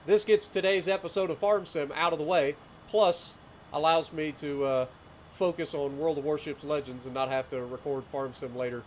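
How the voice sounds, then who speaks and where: Casual streamer, rural Ohio man in his late thirties, slightly high voice, rambling and chuckling, faint noise behind. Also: fairly even intonation, moderate pace. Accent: rural southeastern Ohio. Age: late 30s. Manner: rambling storyteller, chuckles often, greets chat. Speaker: livestreamer. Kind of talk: casual gameplay livestream chat.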